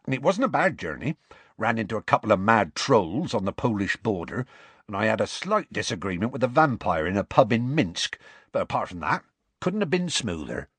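A man voicing a huge rough-spoken half-giant gamekeeper with a folksy country dialect and dropped letters, telling a story at an unhurried pace. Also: on the low side, a bit bright, no echo, full character voice.

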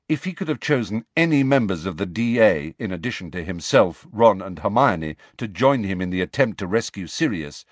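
Expressive male audiobook narrator. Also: fairly low pitch, no room sound. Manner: expressive storytelling.

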